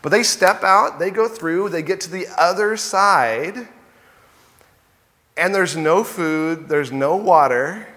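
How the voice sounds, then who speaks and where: Bright-voiced preacher in an echoing hall. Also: male voice, high voice, takes it slowly. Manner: conversational, acts out quoted complaints. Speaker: pastor. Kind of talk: sermon. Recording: long hall reverb.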